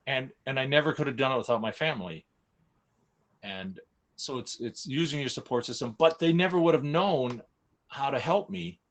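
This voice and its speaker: A man's voice: mid-range voice, moderate pace. A man openly recounting a hard personal experience in casual conversation, emotional and frank, often restarting his sentences. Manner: emotional, open, frequent restarts and self-corrections. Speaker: guest sharing a personal story. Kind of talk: candid personal storytelling in casual chat.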